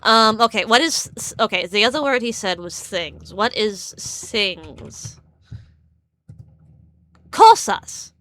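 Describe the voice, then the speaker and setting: A woman's voice: mid-range voice, unhurried, hardly any pauses, pushed and bright. A woman streamer chatting casually, rambling and stammering with frequent laughs. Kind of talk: casual live-stream chat.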